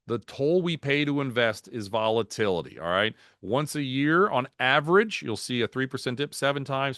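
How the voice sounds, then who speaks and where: Man, market strategist, webinar slide talk, folksy, animated, dry close mic. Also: mid-range voice, no room sound. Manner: animated, folksy, tells jokes and anecdotes. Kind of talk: webinar presentation over slides. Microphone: video call.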